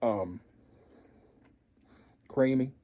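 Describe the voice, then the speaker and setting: A man's voice: medium pitch, very slow, dark tone. A man hosting a home cooking vlog, tasting his food and chatting casually with folksy, joking asides to viewers. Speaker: home cooking show host.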